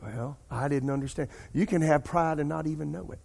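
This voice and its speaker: A middle-aged pastor with a fairly high, gravelly, husky voice and a darkish tone preaches a sermon at a slightly fast pace. He addresses his congregation directly, tossing in call-and-response asides. The church sanctuary gives the recording a long hall reverb.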